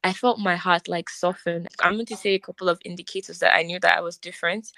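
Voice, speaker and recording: A woman's voice: lowish voice, fairly even intonation, fast talker, gravelly, pushed and bright, no room sound. A young woman co-hosting a podcast, telling her personal faith testimony in an earnest, emotional way, with "like" in nearly every sentence. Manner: earnest, emotional, says "like" often. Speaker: podcast co-host. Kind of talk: personal testimony, casual chat.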